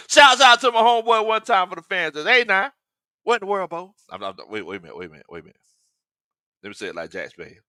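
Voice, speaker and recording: A man's voice: high voice, very animated, fast, bright, forceful tone, no echo, studio quality. A man hosting a casual sports talk stream, joking, laughing often and reading fan comments. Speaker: sports talk show host.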